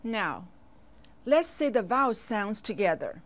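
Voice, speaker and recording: A woman teaching a children's language lesson in a slow, clear voice, pausing for the learner to repeat after her. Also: mid-range voice, sing-song.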